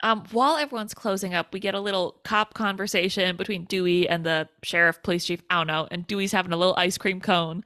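A woman's voice: lowish voice, fairly even intonation, quick pace, hardly any pauses, bright, forceful tone. A woman co-hosting a podcast in casual chat, enthusiastically recapping a film scene and quoting the characters. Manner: enthusiastic, laughs often, quotes characters. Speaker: podcast co-host.

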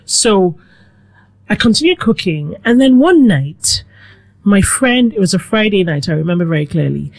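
A middle-aged woman from Nigeria, a guest telling her life story in a relaxed, reflective way. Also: medium pitch, normal speed, gravelly. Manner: reflective, animated with quoted asides. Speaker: guest, food blogger. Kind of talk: conversational storytelling.

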